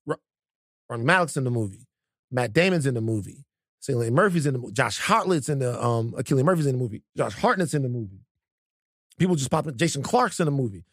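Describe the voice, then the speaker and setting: Male podcast host, thirties, mid-pitch, joking and profane, dry close mic. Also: animated, fast, no echo. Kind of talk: casual chat.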